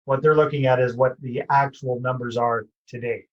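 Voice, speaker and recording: A man's voice: medium pitch, steady tone, normal speed, highs cut off. Middle-aged guy hosting a podcast, laid back, sums stuff up in plain words. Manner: casual, paraphrasing and summing up the guest's points. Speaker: podcast host. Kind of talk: podcast interview.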